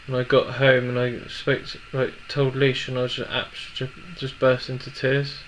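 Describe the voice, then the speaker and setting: A young man in his twenties telling a personal story in a halting, emotional way with many restarts. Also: medium pitch, completely flat delivery, slight background noise, rough recording. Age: 20s. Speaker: vlogger.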